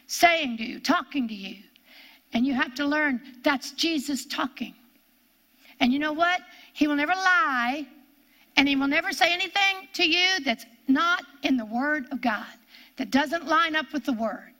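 An older woman giving a sermon, earnest and repetitive, sometimes dropping into hushed whispers for emphasis. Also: sits high, expressive, a little slow. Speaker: Bible teacher.

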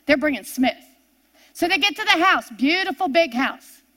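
A woman preacher telling a story in a sermon, repeating her words and swinging between emphatic and hushed delivery. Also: high-pitched, animated, normal speed.

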